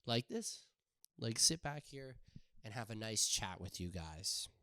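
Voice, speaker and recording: A young man hosting a casual solo podcast, rambling and joking with sudden loud outbursts. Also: fairly low pitch, expressive, unhurried, no room sound, studio quality. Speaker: podcast host.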